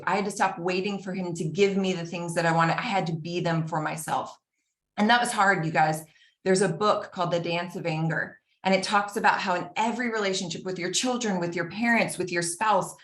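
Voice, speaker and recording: A woman shares a personal story with earnest feeling and acts out small bits of dialogue. Her voice sits low for a woman. The room around her sounds echoey. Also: normal speed, fairly bright tone.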